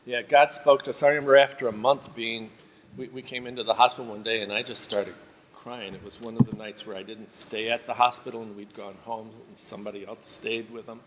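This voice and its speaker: A man's voice: on the low side, brisk. Man, church leader, earnest testimony, long reverb, faint hiss. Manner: steady, earnest, drops quiet on emotional lines. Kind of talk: testimony interview.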